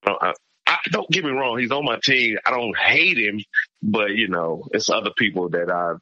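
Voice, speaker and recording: A man's voice: on the low side, normal speed, pushed and bright, no room sound, highs cut off. A man in his forties in casual chat, opinionated and repeating words as he finds his point. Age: 40s. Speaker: podcast guest.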